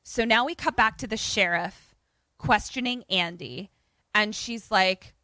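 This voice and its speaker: Bright, animated woman podcast co-host. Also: mid-range voice, unhurried, no echo. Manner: animated, profane, acts out voices. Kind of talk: casual chat retelling a film.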